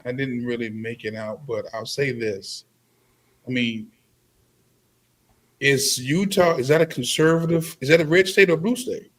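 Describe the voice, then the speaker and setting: A man speaking as a guest in a live-stream discussion, in a blunt, emphatic way. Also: mid-range voice. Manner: blunt and emphatic, deliberate delivery.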